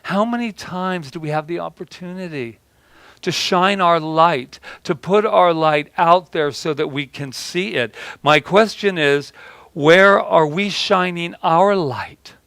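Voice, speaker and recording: A male preacher delivers a rambling sermon, often doubling back on his words. His voice sits a little high for a man. The sound is dry and close, with no room echo. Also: slow pace, fairly bright tone. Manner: rambling, with many restarts and repeated words. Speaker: pastor.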